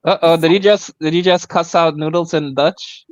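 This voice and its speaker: A man's voice: fairly high pitch, steady tone, moderate pace, highs cut off, slight background noise. A man co-hosting a live stream, playful and teasing, who laughs often. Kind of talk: casual live-stream chat.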